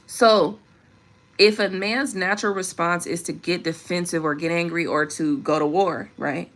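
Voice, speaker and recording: A woman's voice: lowish voice, sharp tone. A woman vlogger in an unscripted monologue, talking emphatically and preachily with frequent profanity.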